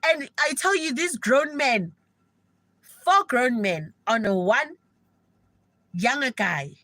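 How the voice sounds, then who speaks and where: A young South African woman telling an animated, gossipy story to viewers of her live stream in casual slang. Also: high voice, takes it slowly, dry recording, rough recording. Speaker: livestreamer.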